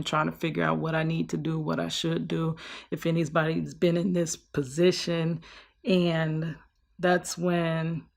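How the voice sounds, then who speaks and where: A young woman speaking into her own vlog, her low voice gravelly with fry. She talks slowly and wearily, trailing off and starting over, as if thinking aloud. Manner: slow, heartfelt, trailing off and restarting. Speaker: vlogger. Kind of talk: personal vlog confession.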